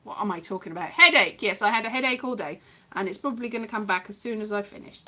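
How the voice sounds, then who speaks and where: A woman's voice: medium pitch, fast. A woman chatting casually to camera in a playful, silly vlog. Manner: playful, animated, silly asides. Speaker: vlogger.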